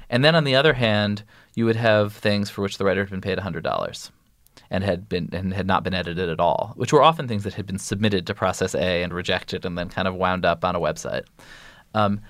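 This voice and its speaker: A man's voice: fairly low pitch, fairly bright tone, dry recording. A man answering as a podcast guest in loose, rambling conversation, full of restarts and fillers. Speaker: podcast guest, news editor. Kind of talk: casual interview conversation.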